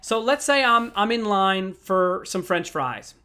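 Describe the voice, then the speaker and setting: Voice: medium pitch, lively intonation, unhurried, pushed and bright, clean tone. A voice in a mid-range register, delivering a motivational talk on handling anger. The speaker talks straight to the listeners and repeats key phrases to drive them home. The tone stays conversational and encouraging.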